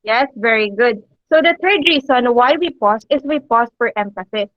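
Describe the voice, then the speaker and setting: A woman with a high voice leads a classroom lesson and stops often to check that her students follow. Her speech is paced with deliberate pauses and an occasional filler. The recording is dry and a little dull. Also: lively intonation, dry recording. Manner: asks the class frequent check-in questions. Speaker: English teacher. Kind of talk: classroom lecture addressing students.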